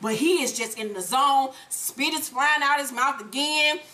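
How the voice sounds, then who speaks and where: High bright profane woman recapping TV. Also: measured pace. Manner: animated, profane, acts out characters. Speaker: TV recap host. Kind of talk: casual profane episode recap.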